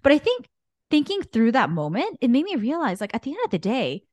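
A mother and podcast co-host speaking candidly in casual chat, telling stories in an animated way with frequent fillers. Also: high voice, fairly quick, no echo.

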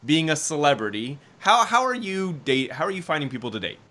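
A man's voice: fairly high pitch, very animated, brisk, pushed and bright. A man co-hosting a podcast, asking casual questions that often restart mid-sentence. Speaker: podcast co-host.

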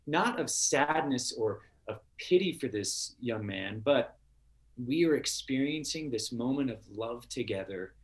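A man as a podcast guest, telling a heartfelt story in an earnest way, with halting restarts. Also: mid-range voice, expressive. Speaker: podcast guest, TV show star. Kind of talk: casual interview storytelling.

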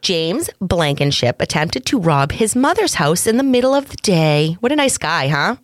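A woman with a Massachusetts accent co-hosting a podcast, telling crime stories in playful, animated casual banter. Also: lowish voice, normal speed, dry recording, clean studio sound. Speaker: podcast co-host.

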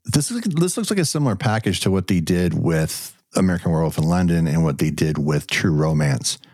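A man's voice: extremely low pitch, a little mellow, dry recording. A man co-hosting a podcast in casual chat, talkative and laughing often, breaking off his own sentences. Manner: chatty, quick laughs, trails off mid-sentence. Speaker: podcast co-host.

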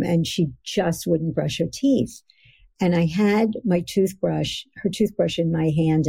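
Slow gravelly woman. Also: lowish voice, dark tone. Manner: earnest, emphatic, slows down for key phrases. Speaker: guest expert. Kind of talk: podcast interview.

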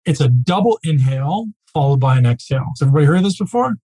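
A man teaching a live group as a coach, speaking casually and emphatically, often checking in with a quick "right?". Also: fairly high pitch, animated, warm tone, breathy edge, low-quality recording.

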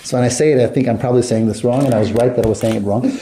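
A man's voice: mid-range voice, very fast, noisy background. A man teaching a text study class to students, explaining step by step and putting questions to the class. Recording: echoey room.

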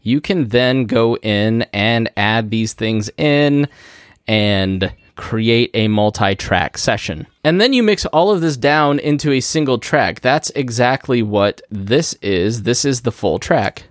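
A man's voice: mid-range voice, dry recording. Man explaining podcast gear, dry close sound. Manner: conversational, explains step by step with quick asides. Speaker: podcast host. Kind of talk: casual instructional talk. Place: podcast studio. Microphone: studio podcast microphone through a mixer.

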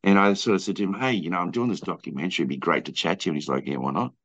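A man's voice: sits low, rapid-fire, a bit bright, lo-fi sound. A filmmaker being interviewed, telling his story casually with lots of fillers and restarts and acting out what people said. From Australia. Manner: rambling, many fillers and restarts, acts out quoted people. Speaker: filmmaker guest.

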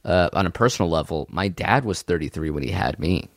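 A man in his thirties co-hosts a casual podcast, trading deadpan, self-mocking jokes. His voice sits on the low side and sounds dry and close, with no room around it. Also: a little fast, no echo. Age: 30s. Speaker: podcast co-host. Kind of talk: casual chat.

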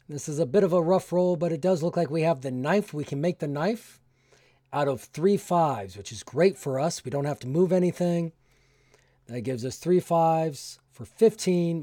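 A man's voice: on the high side, mellow, no room sound, clean studio sound. A man hosting a solo tabletop game podcast, reading the game's prompts and narrating as a ship captain while getting over an illness. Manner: reads game text aloud, then narrates in character as a ship captain.

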